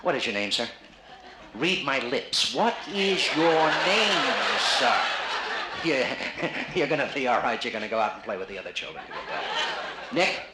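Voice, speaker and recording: A man's voice: medium pitch, moderate pace. A man doing live stand-up comedy, teasing a man from the audience with wisecracks. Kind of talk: live stand-up with crowd work. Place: casino showroom stage. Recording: live 1960s vinyl, roomy and noisy. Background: audience laughter.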